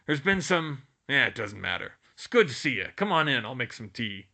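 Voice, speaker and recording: A man voicing a huge, gruff but gentle older male gamekeeper who talks loudly in a blunt, folksy dialect. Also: mid-range voice, very animated, moderate pace, heavily acted. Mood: gruff worried. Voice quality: loud, gruff rural-sounding dialect.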